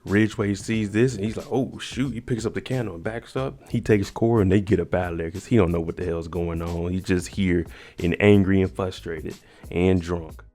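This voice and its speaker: A man retells a TV episode in a loose, conversational way, dropping in slang as he goes. His voice is deep and mellow, and soft music plays faintly behind him. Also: steady tone, normal speed. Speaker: TV episode recapper. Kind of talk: casual episode recap.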